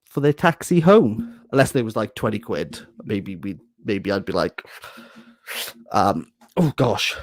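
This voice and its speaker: A young man from Wales chats casually through a bookshelf tour for his book vlog, set in a small box room at home. He rambles and jokes self-mockingly with laughs, in a medium-pitched, slightly mellow voice with no echo.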